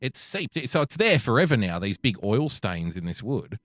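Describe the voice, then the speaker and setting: A man's voice: medium pitch, normal speed, no room sound, studio quality. An Australian man co-hosting a podcast, telling a profane story in casual chat and acting out the quotes. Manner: profane, animated anecdote-telling with acted quotes. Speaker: podcast co-host. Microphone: podcast microphone.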